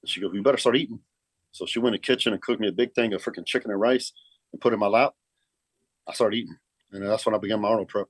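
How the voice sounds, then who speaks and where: A middle-aged man tells a long story fast, in a lowish voice. He swears freely and drops "man" everywhere. The sound is dry and close. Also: fairly even intonation, breathy edge, dry recording. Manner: profane, keeps saying man. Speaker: guest, pro bodybuilder. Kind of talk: casual storytelling.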